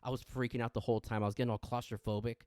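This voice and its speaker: A man co-hosting a casual podcast, an animated storyteller who acts out quotes. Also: medium pitch, racing, clean tone, no room sound, clean studio sound. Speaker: podcast co-host. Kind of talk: casual chat.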